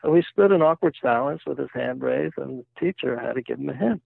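A man's voice: medium pitch, fairly quick, gravelly, no room sound. An older retired man telling jokes and stories in a chatty interview. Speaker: guest, retired volunteer museum-ship guide. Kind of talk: casual interview storytelling. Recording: tinny phone-like line, dry.

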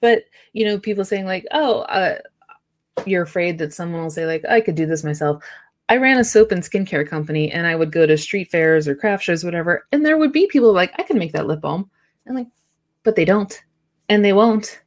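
A woman's voice: mid-range voice, lively intonation, fairly quick. A woman hosting a podcast, chatting casually and affirming her guest. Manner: conversational, affirming with short backchannels. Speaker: podcast host.

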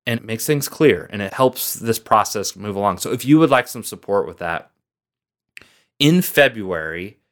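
Earnest low-voiced man coaching listeners. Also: moderate pace. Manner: earnest, encouraging, lively emphasis. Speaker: podcast host and coach. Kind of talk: motivational podcast monologue.

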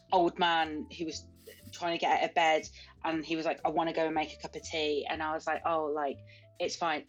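A woman's voice: lowish voice, lo-fi sound. A young woman with a Birmingham accent chatting casually as a podcast co-host, telling stories and acting out quotes. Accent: Birmingham English. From England. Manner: animated, laughs often, acts out quotes. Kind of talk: casual chat.

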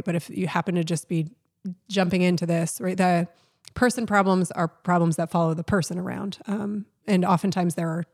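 A woman co-hosting a podcast, explaining a topic thoughtfully in casual chat with pauses. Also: on the low side, a little mellow. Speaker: podcast co-host.

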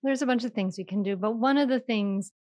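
A woman who teaches mindful parenting, talking in a quick, expressive way and laughing often as she explains. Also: a little high, no room sound. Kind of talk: animated conversational explaining.

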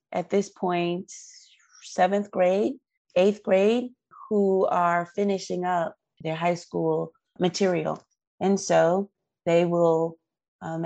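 Low, gravelly woman telling an earnest story. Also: dark tone, no room sound, highs cut off. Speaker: guest parent. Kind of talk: interview storytelling.

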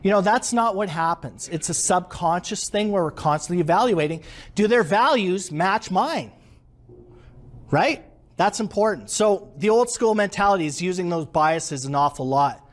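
A man giving an interactive leadership workshop to a live audience, animated and quizzing the room. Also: sits high, normal speed. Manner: animated, asks the audience questions.

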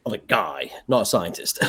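A man's voice: on the low side, a little slow. A man who is a guest on a podcast, talking animatedly about movies and laughing often. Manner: animated, laughs often, argues his reading. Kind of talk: casual movie discussion.

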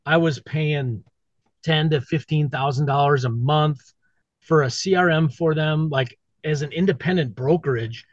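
A man's voice: on the high side, dry recording. A middle-aged man, a podcast guest, talking candidly and bluntly in casual conversation, swearing and repeating himself. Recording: dull lo-fi sound, dry.

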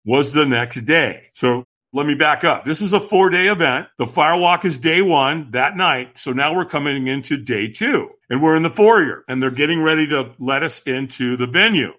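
A middle-aged man, a podcast guest, telling a dramatic personal story with lively acted-out quotes. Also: on the high side, normal speed. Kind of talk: animated storytelling.

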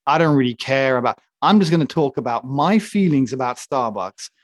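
A man's voice: medium pitch, expressive, a little fast, no room sound. A man in casual talk, holding forth with comic indignation and lots of emphasis. His voice sits in a middle register. The recording is close and dry, with no room sound. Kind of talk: casual opinionated chat.

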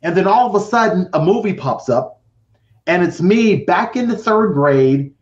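A man's voice: high-pitched, expressive, moderate pace. A middle-aged man telling his personal story with drama as a podcast guest, acting out voices and counting down. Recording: roomy, dull lo-fi sound.

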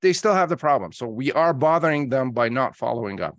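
A man being interviewed on a podcast as a marketing coach, explaining his ideas with lively quoted examples. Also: medium pitch, brisk, no room sound, dull audio. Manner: energetic storyteller acting out calls in quotes.

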